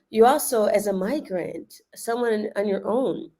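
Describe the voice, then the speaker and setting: A woman living in Lisbon, giving casual, animated explanations on a livestream and laughing often. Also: mid-range voice, unhurried. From United States.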